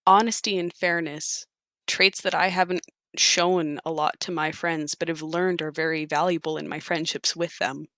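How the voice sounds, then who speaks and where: A woman's voice: sits low, fairly even intonation, normal speed, fairly bright tone, no room sound. Woman playing a formal, earnest cleric. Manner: formal, stiff, old-fashioned phrasing.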